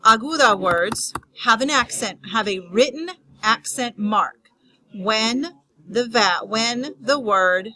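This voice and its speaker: Slow-talking woman explaining grammar rules. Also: fairly high pitch, sharp tone, low-quality recording. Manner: unscripted, with restarts and fillers. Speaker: Spanish teacher.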